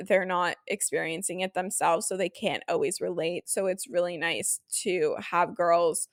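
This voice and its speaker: A woman's voice: on the low side, no echo. A young woman from Canada hosting a casual solo podcast, emotional and close to tears, gushing with lots of "like" and "um". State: teary, near crying. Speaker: podcast host.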